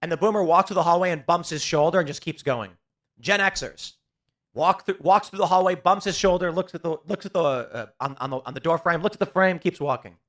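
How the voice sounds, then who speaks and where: Man, political commentary host, high voice, bright tense tone, sarcastic, emphatic. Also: fast talker, few pauses.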